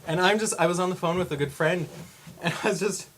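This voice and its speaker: In this home vlog, the young man talks quickly in a high, fairly bright voice, chatting rambly into a camera pointed at him indoors. He keeps laughing and acting out other people's quotes, with a little background noise present.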